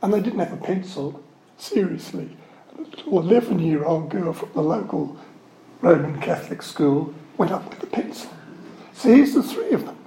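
Earnest, digressive male religious speaker, slightly high, warm tone, recorded in an echoey room with faint ambience. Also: lively intonation, normal speed, creaky, slight background noise. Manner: rambling, digressive storytelling with frequent self-corrections; earnest, openly emotional about his subject. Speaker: Catholic religious speaker giving a spiritual talk. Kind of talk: anecdotal spiritual talk. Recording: roomy echo with faint ambience.

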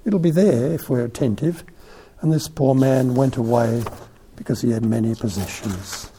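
A man giving a conversational sermon, retelling a Gospel story in an animated, storytelling way. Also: mid-range voice, moderate pace, a little hiss or hum.

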